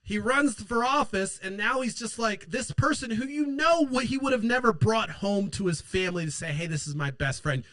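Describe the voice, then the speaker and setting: A political show host with a very high, expressive, fairly bright voice rants angrily and sarcastically at normal speed with few pauses. He swears constantly and mocks opponents in put-on quotes, and the recording is dry.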